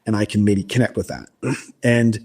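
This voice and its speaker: A man recounting a personal experience in a halting, casual interview style, with frequent restarts. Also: fairly low pitch, a little mellow, slightly rough. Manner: halting, many restarts and fillers. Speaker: guest recounting an abduction experience.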